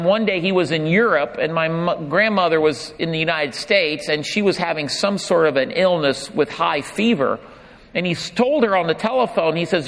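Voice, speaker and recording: A middle-aged man delivers a sermon, mixing light humor with reflection. His voice sits a little high for a man. The long reverb of a large church hall rings around him. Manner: warm humorous storytelling turning reflective. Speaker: pastor.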